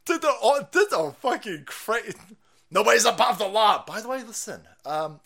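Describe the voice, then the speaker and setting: Bright, animated, swearing stream host. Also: male voice, high-pitched, normal speed, slightly rough. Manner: profane, mocking, laughs often. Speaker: livestream host. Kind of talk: ranting livestream commentary.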